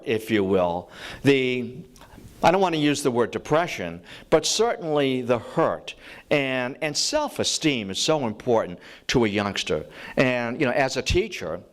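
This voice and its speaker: A man teaching as a lecturer, telling a life story conversationally, with restarts and many "you know" asides, acting out quoted voices. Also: medium pitch.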